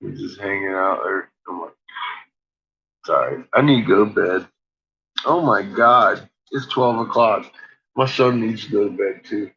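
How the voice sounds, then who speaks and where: A man's voice: lowish voice, a little slow, creaky, long pauses, sharp tone. A man chatting casually late at night, cooing at his dogs, laughing often and swearing freely, on a slightly dull lo-fi recording. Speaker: vlogger.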